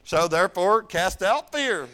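High-voiced fervent preacher man. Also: expressive, measured pace, sharp tone. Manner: fervent, emphatic, repeats phrases. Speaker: pastor. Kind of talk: sermon.

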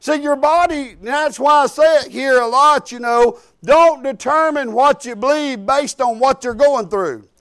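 Male preacher with a very high voice; folksy testimony sermon, emphatic, restarts often. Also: measured pace, few pauses, fairly bright tone.

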